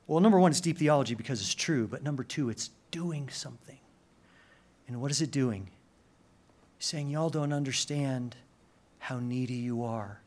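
A man preaching a sermon, swinging from loud urgent emphasis to hushed intensity, with casual slang asides. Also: medium pitch, normal speed, long pauses. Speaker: pastor.

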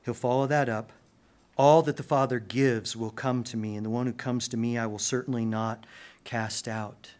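A man preaching a sermon, swinging from loud urgent emphasis to hushed intensity, with casual slang asides. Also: medium pitch, fairly even intonation, normal speed, clear, resonant tone. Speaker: pastor.

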